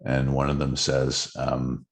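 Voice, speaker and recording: A middle-aged man co-hosting a podcast about records, telling stories and trivia about a band in casual, animated chat. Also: rumbling low, slow pace. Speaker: podcast co-host.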